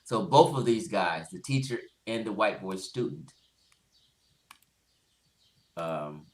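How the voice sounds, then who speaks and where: A man's voice: fairly low pitch, expressive, takes it slowly, a little mellow, echoey room. A man giving blunt, profane commentary on a livestream, laughing often as he goes.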